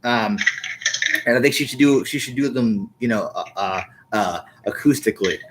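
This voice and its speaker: Halting, rambling man hosting a podcast. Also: medium pitch, noisy background. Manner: rambling, halting, repeats words. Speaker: podcast host. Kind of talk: casual chat.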